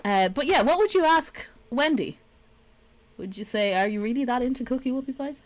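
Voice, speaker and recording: A woman's voice: high voice, lively intonation, moderate pace. A young woman from Dublin with an Irish accent, chatting casually on a live stream, swearing and laughing often. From Ireland.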